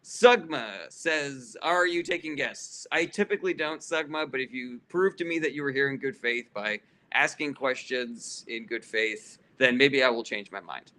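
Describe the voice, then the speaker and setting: Reading questions from chat one by one, a man runs a casual livestream at a moderate pace in a bright, forceful, mid-range voice. He responds bluntly with plenty of swearing and frequent fillers like um and uh, and some chatters draw heated sarcasm from him.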